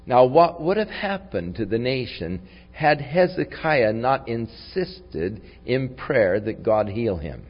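A man preaching a sermon, reflective in tone and rising to forceful when he reads scripture aloud. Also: mid-range voice, very animated, takes it slowly, hardly any pauses. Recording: long hall reverb, dull lo-fi sound.

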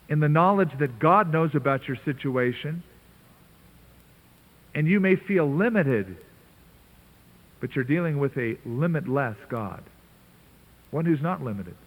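A man preaching a sermon in an earnest, conversational way with emphatic asides. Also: on the high side. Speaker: pastor. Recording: tinny narrow-band radio broadcast.

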